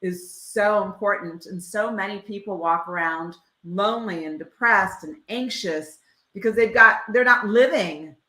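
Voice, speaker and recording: Bright-voiced, teasing woman co-host. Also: medium pitch, a little slow. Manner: teasing, enthusiastic. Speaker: podcast co-host. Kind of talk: casual chat. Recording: roomy echo.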